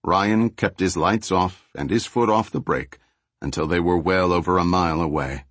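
A man narrating an audiobook thriller in a steady, even storytelling voice. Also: low voice, normal speed, no echo. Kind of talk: scripted narration.

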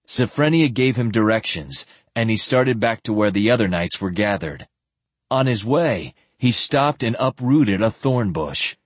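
A man narrating a fantasy audiobook in an expressive storytelling manner. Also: lowish voice, unhurried, dry recording. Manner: expressive storytelling with voiced characters.

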